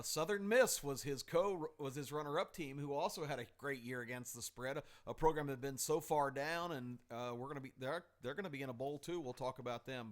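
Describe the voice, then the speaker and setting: A man's voice: on the high side, fairly bright tone. A man hosting a casual sports podcast, upbeat and steering the talk.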